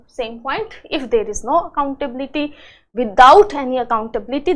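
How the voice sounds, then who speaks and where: A woman giving an exam-prep lecture, explaining step by step and asking herself questions, often tagging "right?". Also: sits high. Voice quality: frequent "right?" and "uh" fillers. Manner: explanatory, asks and answers own questions. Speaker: teacher.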